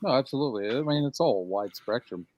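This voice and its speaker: A game master speaking bluntly and emphatically in a casual group chat, with some swearing. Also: male voice, mid-range voice, animated, quick pace, darkish tone, muffled recording.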